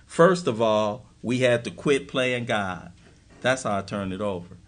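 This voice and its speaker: A man's voice: lowish voice, measured pace. Blunt, emphatic man giving a recovery talk. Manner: blunt, emphatic and repetitive, with punchy short lines. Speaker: recovery program speaker. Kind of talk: recovery workshop talk to a live audience. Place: meeting room with an audience.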